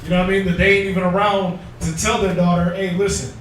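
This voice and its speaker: A man in his thirties chimes in with slangy, animated stories during a class. His voice is fairly high and sounds distant. The room is very echoey with faint noise. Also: quick pace. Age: 30s. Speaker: class member. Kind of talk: casual discussion.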